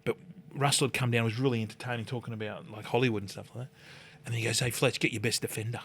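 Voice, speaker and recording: A man's voice: mid-range voice, fairly even intonation, fast, a bit bright, breathy edge. An older Australian man, a podcast guest, telling a rowdy anecdote, swearing freely and acting out the other voices. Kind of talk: animated storytelling.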